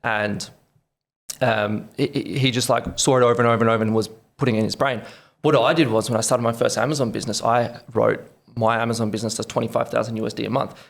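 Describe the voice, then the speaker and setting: A young Australian man in his twenties speaks as a podcast guest, rattling through his story at a brisk clip. His voice has a gravelly, creaky edge, and he animates the tale by acting out the quotes. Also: medium pitch, little pitch movement. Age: 20s. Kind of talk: casual interview.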